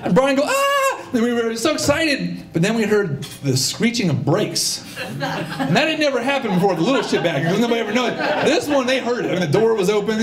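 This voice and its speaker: Man, live storyteller, high lively voice, roomy stage sound. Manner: animated, acts out voices, audience laughter. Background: audience laughter.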